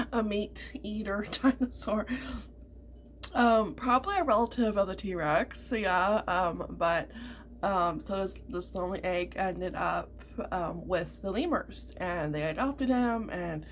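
A woman's voice: medium pitch, slow pace, a little hiss or hum. A middle-aged woman vlogger chatting casually, rambling with lots of fillers and repeats. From Canada. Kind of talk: casual chat.

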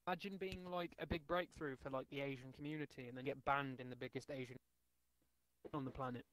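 A man's voice: medium pitch, steady tone, fast, a bit bright, dry recording. A man chatting casually with a streamer over a headset, telling stories loosely and swearing. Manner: loose, profane storytelling. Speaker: stream guest. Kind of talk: casual chat.

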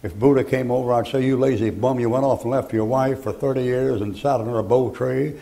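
A man's voice: medium pitch, steady tone, a little fast, vocal fry, mellow, rough recording. An older man preaching a fiery sermon in a folksy, blunt, emphatic way. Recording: archival sermon recording.

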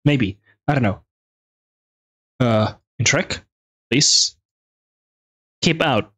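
A man giving chatty, excitable let's play commentary as a gaming video host, reading on-screen text aloud and reacting quickly. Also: medium pitch, no room sound.

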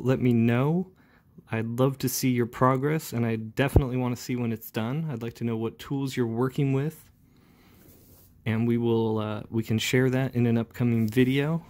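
A man's voice: mid-range voice, darkish tone. A man who inks comics, chatting casually as he demonstrates inking step by step, with frequent fillers. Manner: casual, talks while working, with fillers. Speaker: comic book inker. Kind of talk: relaxed ink-along tutorial narration.

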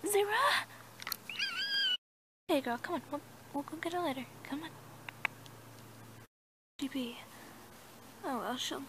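High-voiced woman acting out a horse story. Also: measured pace, pauses often, noisy background. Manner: plays every part, with hesitant fillers. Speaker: toy horse story creator.

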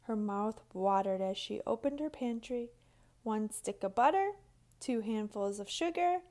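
A woman reading a children's picture book aloud, clear and expressive. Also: a little high. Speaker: storybook reader. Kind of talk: children's story read-aloud.

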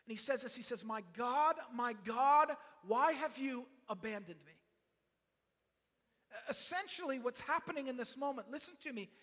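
A man's voice: very high-pitched, in a large hall. A man preaching a sermon as pastor, earnest and pleading, often repeating and restarting his words. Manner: builds from quiet talk to passionate shouting.

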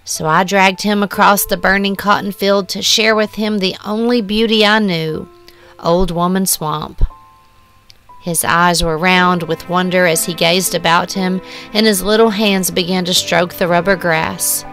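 Woman narrating a story over soft music. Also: on the low side, steady tone, unhurried.

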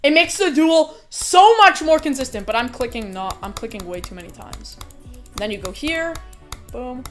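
A woman's voice: high voice, lively intonation, normal speed, faint music behind. A young woman streaming a game, chatting casually and talking through her run. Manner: chatty, bursts into squealing protests and laughter. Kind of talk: casual live-stream commentary while playing.

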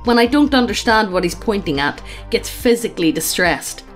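Woman host, casual story reading, swears freely, often laughs, soft music underneath. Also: mid-range voice, lively intonation, moderate pace. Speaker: channel host.

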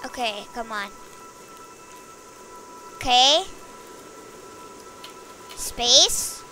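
A woman's voice: a little high, animated, very slow, bright, forceful tone. A woman hosting a gaming channel, gushing and exclaiming as she plays a game for the first time. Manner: gushing, exclaiming over cuteness. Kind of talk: first-time gameplay commentary. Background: game music with rain.

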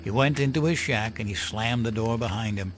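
A man voicing a gruff old male storyteller who drinks, talking in a folksy, profane, chuckling way. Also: lowish voice, a little fast, a little hiss or hum, voice pushed up, natural voice. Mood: gruff storytelling.

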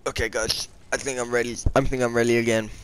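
A man's voice: mid-range voice, flat delivery, fast, a little hiss or hum, low-quality recording. Young man raging over a game. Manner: swears constantly, whiny, explosive outbursts. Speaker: gamer playing on camera. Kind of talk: raging gameplay commentary. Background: game music.

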